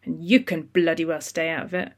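A narrator voicing a relaxed man who speaks low and quietly to calm things down. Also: a little fast, close to an everyday voice.

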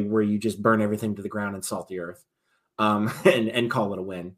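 A man's voice: fairly low pitch, steady tone, fairly quick. A man, a military veteran, talking casually as a podcast guest, often restarting his sentences and swinging between emphatic and trailing-off delivery.

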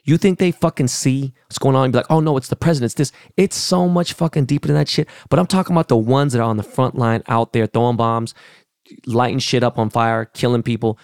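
A middle-aged man from Los Angeles hosts his podcast in a blunt, heated, profane rant. His voice carries a gravelly fry at mid pitch. The sound is close and dry, with no room around it. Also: fairly even intonation, brisk, a little mellow, no room sound. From Los Angeles, California. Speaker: podcast host. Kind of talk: casual rant.

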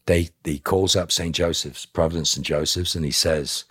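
Low husky man telling a story bluntly. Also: normal speed, hardly any pauses, a bit bright, no room sound, studio quality. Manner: blunt, emphatic, swears, acts out quoted speech. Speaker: podcast guest. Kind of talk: emotional storytelling.

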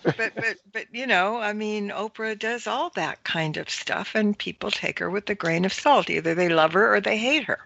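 A woman's voice: medium pitch, moderate pace, gravelly, fairly bright tone, no echo, lo-fi sound. A woman joining a podcast as guest co-host, chatty and hedging her points with fillers. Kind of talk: casual podcast chat.

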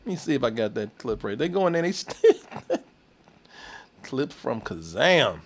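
A man co-hosting a casual movie recap, animated and profane, laughing and repeating himself as he talks. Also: mid-range voice, unhurried. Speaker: podcast co-host.

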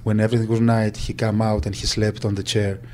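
Guy, middle-aged, halting english, low mellow voice, bit of room hum behind. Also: level tone. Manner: halting, searching for words. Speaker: agent. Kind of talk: interview recollection.

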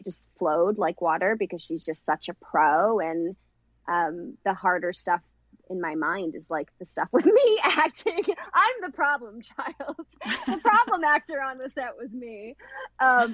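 A woman director chatting in an interview, talking at length with frequent restarts and self-corrections. Her voice sits in a middle pitch, and the recording is dry and close. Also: dry recording, rough recording. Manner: warm, rambling, lots of restarts. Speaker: film director and actress. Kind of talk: casual interview chat.

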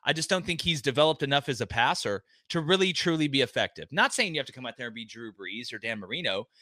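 A man as a guest sports analyst on a remote call, talking in an emphatic, folksy casual way and repeating words when excited. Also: medium pitch, fast talker, dry recording. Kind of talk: animated casual podcast talk.

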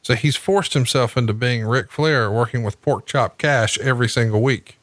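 A man with a bright, forceful voice tells stories in casual podcast chat, heavy with swearing and mocking put-on voices. His sound is dry and close. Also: medium pitch, moderate pace, no room sound. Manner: profane, animated storytelling with mocking impressions.

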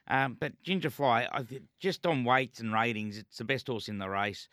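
Australian male racing tipster, bright voice. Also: mid-range voice, moderate pace, no room sound, studio quality. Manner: confident form analysis, relaxed, trails off. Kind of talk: live radio racing talk. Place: radio studio.

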